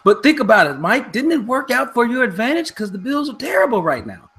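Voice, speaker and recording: A middle-aged man hosts a casual podcast with a bright, forward voice. His pitch moves around a lot as he talks. He plays along with his co-host and keeps steering the chat to the next topic. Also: sing-song, a little fast, slightly rough. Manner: playful, steering the talk and reading listener comments.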